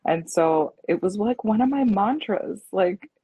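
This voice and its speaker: A woman's voice: mid-range voice, expressive, unhurried, mellow, husky, poor audio. A woman chatting casually and candidly, laughing at herself as she talks about parenting stress. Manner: candid, laughing, self-deprecating. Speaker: parent in group chat. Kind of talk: casual chat.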